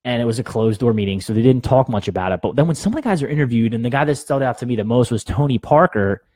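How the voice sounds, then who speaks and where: A man's voice: medium pitch, animated, rapid-fire, darkish tone, no room sound. A young man hosting a sports podcast, giving blunt, opinionated takes in casual talk and laughing at his own jokes.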